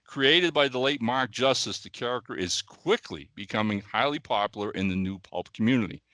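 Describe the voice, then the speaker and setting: Lively older man hosting a podcast. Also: mid-range voice, a little fast, no echo. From US Midwest. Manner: animated, repeats words, asks "okay?" and "all right?". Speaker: podcast co-host. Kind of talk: casual podcast chat.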